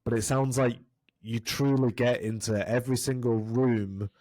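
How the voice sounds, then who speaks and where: Excitable man host, dry close sound. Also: mid-range voice, moderate pace, no echo. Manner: excited, stammering interruption. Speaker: podcast co-host. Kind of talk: casual chat.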